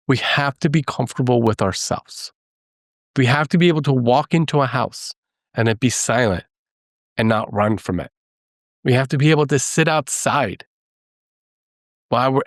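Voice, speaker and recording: A man telling stories in casual podcast talk, lively and self-deprecating, often acting out the voices of the people in his stories. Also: medium pitch, no room sound, clean studio sound. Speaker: guest. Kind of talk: conversational storytelling.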